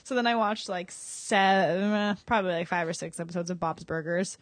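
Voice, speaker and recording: A woman co-hosting a podcast, telling stories in an animated, chatty way with lots of fillers. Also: lowish voice, normal speed, dry recording. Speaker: podcast co-host. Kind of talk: casual chat.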